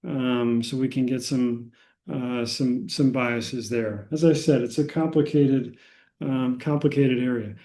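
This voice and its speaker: American man, statistics instructor, slow and mellow, lots of ums and restarts. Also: mid-range voice, fairly even intonation. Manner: frequent fillers and restarts, unhurried explaining. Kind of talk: lecture.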